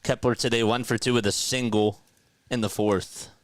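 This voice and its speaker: A man's voice: mid-range voice, fairly even intonation, normal speed, no echo. A young man giving casual live baseball play-by-play, chatting and laughing with viewers. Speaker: play-by-play streamer. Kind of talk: live baseball commentary and chat.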